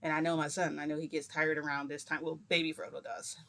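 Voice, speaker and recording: A woman's voice: low-pitched, flat delivery, quick pace, vocal fry, a bit bright. A woman vlogger telling a casual story to camera, rambling with lots of fillers and restarts and often checking in with the listener. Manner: chatty, confiding, asks listener "right?".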